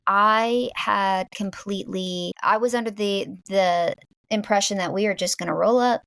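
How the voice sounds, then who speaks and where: A woman's voice: mid-range voice, fairly even intonation, normal speed, gravelly, a bit bright, clean tone, dry recording. A woman from Virginia with a Southern US accent, a guest talking casually and rambling, with many restarts and a lot of "like". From Virginia, USA. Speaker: guest filmmaker. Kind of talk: casual interview chat.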